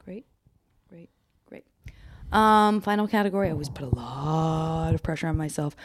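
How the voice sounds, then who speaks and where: A woman's voice: sits low, fairly even intonation, moderate pace, warm tone, slight background noise. A woman hosting a podcast, chatting playfully and laughing often as she runs a casual interview game. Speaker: podcast host.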